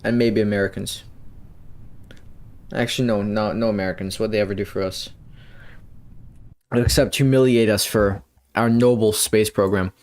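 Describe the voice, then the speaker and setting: A young man giving rambling, playful gameplay commentary, with bursts of excitement when things go his way. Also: lowish voice, normal speed, pauses often. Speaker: gamer.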